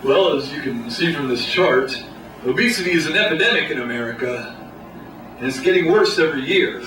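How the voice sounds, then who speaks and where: A comedian putting on a smooth corporate marketing man giving a boardroom pitch. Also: animated, brisk, natural voice. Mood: slick. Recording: echoey room, distant mic, noisy.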